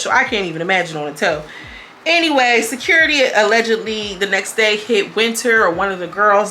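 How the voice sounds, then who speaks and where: A young woman reviewing a reality TV episode in casual, blunt, profane commentary, switching between storytelling and quick quoted voices. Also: mid-range voice, expressive, pushed and bright, slight background noise.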